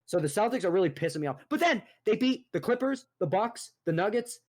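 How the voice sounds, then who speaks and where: A young man co-hosting a casual sports podcast, ranting in a profane, exasperated, animated way. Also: sits high, brisk. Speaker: podcast co-host.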